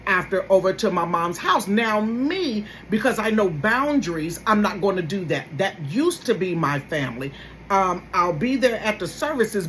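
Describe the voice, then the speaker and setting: A woman's voice: mid-range voice, a little hiss or hum, poor audio. A woman, hosting a casual gossip commentary and talking straight to her viewers with sudden exclaimed bursts. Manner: animated, addresses viewers directly. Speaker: host.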